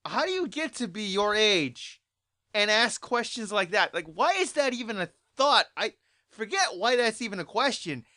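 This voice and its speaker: A vlogger telling a story as an exasperated rant, repeating points and bursting into loud outbursts. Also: mid-range voice, big pitch swings, moderate pace, dry recording, clean studio sound.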